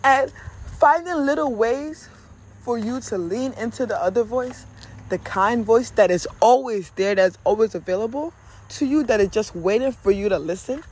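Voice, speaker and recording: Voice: medium pitch, normal speed, a little mellow. A vlogger in a casual motivational talk, speaking candidly and conversationally, sometimes swearing and addressing listeners directly. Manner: candid, conversational, with occasional profanity.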